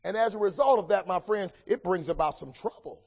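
A man preaching a sermon, swinging between loud emphatic lines and hushed, low passages. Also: a little fast, gravelly, slightly rough, long reverb tail.

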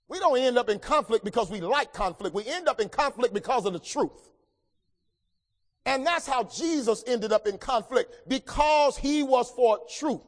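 A man preaching a sermon, swinging between loud emphatic lines and hushed, low passages. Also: lively intonation, normal speed, long reverb tail.

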